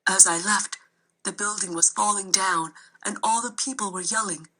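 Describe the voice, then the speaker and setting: A woman narrating a children's novel aloud in a steady storytelling way. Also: medium pitch, moderate pace, low-quality recording. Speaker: reader.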